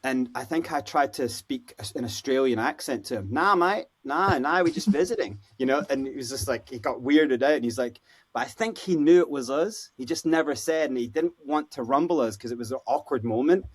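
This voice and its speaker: A Scottish man, a podcast guest, telling stories in a casual, animated way and acting out the voices of people he quotes. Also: mid-range voice, brisk. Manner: animated, acts out quoted voices, lots of "you know, like". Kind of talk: casual storytelling interview.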